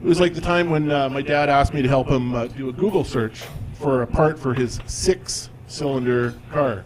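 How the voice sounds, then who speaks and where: A man's voice: medium pitch, normal speed, crowd noise. A man in his forties performing a stand-up comedy routine on stage, with a conversational, self-deprecating delivery. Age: 40s. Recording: live audience in a comedy club.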